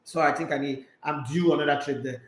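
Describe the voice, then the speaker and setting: Reading out viewer comments on a casual sports live stream, a Nigerian-accented host drifts into Pidgin now and then. He speaks fairly quickly in a high-leaning voice with fairly even intonation, captured in an echoey room on a low-quality recording.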